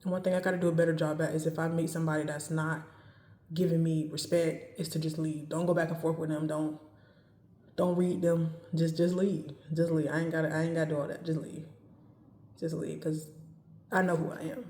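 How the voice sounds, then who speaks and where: A woman giving dating advice in a casual talk to camera, speaking calmly and evenly and driving her points home by repeating them. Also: deep voice, a little fast, roomy sound. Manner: calm, even, straight-talking with emphatic repetition.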